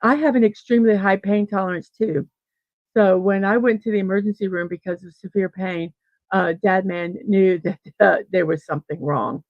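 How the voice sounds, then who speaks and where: A woman's voice: mid-range voice, normal speed, no echo, highs cut off. A middle-aged woman hosting a casual morning livestream, telling a rambling story and chatting with viewers. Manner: rambling, animated storyteller with restarts and laughs. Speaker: host of a daily morning livestream. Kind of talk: casual storytelling and chat reading viewer comments.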